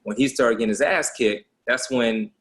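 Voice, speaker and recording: A thoughtful man talks about a film on a casual podcast. He often stops and restarts his sentences as he works his ideas out. His voice sits at an ordinary pitch. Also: moderate pace, fairly bright tone. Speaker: podcast guest. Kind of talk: casual movie discussion.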